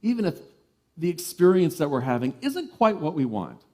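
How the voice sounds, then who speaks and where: A man giving a sermon as a reverend, animated and playful, telling lively stories. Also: a little high, normal speed.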